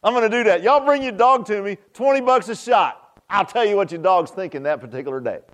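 A man's voice: high voice, animated, fairly quick, a bit bright. A man preaching a sermon, folksy and joking, often asking the congregation questions. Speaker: pastor.

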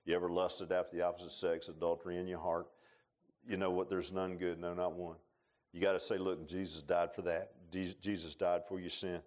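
A man preaching a sermon in a church, telling stories in a folksy way and swinging between loud rises and quiet low passages. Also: little pitch movement, brisk. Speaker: pastor. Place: church sanctuary.

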